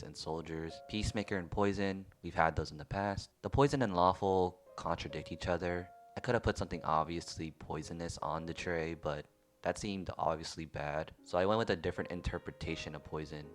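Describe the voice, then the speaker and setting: A young man giving casual, self-mocking voice-over commentary on his drawings, speaking close to the mic. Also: sits low. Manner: wry, offhand, self-mocking. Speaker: art youtuber. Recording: faint music behind.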